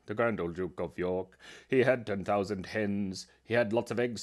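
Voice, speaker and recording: With a lowish, darkish voice, this man in his thirties, a cartoonist, reads his live-stream chat at the computer. He rambles and plays around, giggling and frequently breaking into laughter.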